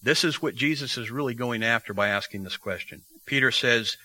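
Male preacher, bright clear tone, explains scripture line by line, dry close recording. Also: mid-range voice, brisk, hardly any pauses, no room sound, poor audio. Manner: teaching verse by verse, reading scripture aloud. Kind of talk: expository sermon.

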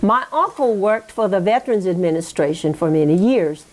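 A woman's voice: medium pitch, lively intonation, normal speed, a little mellow. A woman recounting a relative's history in an oral history interview, talking in a reflective, digressive way and checking in with "you know" and "okay?".

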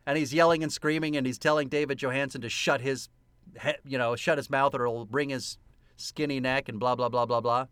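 A man co-hosting a podcast, excitedly retelling a film scene by scene with lots of laughter, in casual chat. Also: mid-range voice, a little fast, smooth, no room sound. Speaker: podcast co-host.

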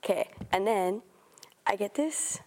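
A woman's voice: mid-range voice, a little slow. Laughing young woman telling a story. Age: young adult. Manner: animated storytelling, laughs mid-sentence. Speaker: podcast co-host. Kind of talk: casual chat.

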